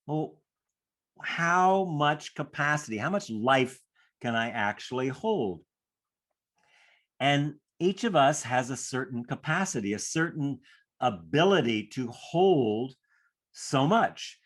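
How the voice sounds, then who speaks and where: A man leads a class on handling stress, his voice sitting at an ordinary middle pitch. He talks in a reflective way and slips into short acted inner voices to make his points. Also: fairly bright tone. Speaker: stress coach. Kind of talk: teaching a class.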